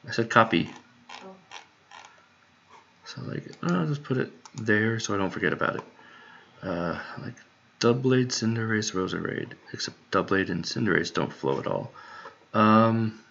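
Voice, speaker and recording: A man's voice: fairly low pitch, sing-song, a little slow, creaky, pauses often, fairly bright tone. A man muttering to himself as he works out song lyrics, trying word pairs under his breath. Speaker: songwriter. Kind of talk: muttering while working on lyrics. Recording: dull lo-fi mic with faint noise.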